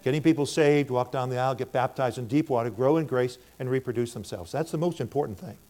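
Mellow older American preacher telling stories. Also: male voice, medium pitch, quick pace. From United States. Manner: storytelling, acts out both sides of conversations in a raised voice. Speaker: minister speaking to a church. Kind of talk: preaching testimony.

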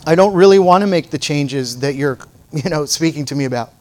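A man's voice: a little high, fairly quick, hardly any pauses, darkish tone. A middle-aged man with a slightly raised voice delivers a sermon. He tells everyday stories in a playful, folksy way, then presses his point with fervent preaching. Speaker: pastor.

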